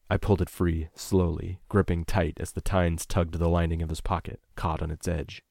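A man narrating a tense first-person story in a measured, scripted reading. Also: deep voice, vocal fry, darkish tone, no room sound, clean studio sound. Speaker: audiobook narrator.

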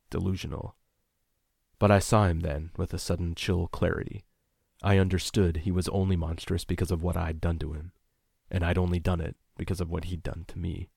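A man narrating a tense first-person story in a measured, scripted reading. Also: low voice, creaky, a little mellow, slightly rough, no echo, clean studio sound. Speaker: audiobook narrator.

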